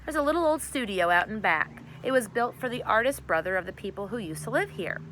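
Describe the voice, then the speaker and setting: An eager, excitable mother from a storybook, read by a woman, full of quick exclamations. Her voice is bright and clear. She sounds keen to help. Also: mid-range voice, slight background noise, natural voice, rough recording.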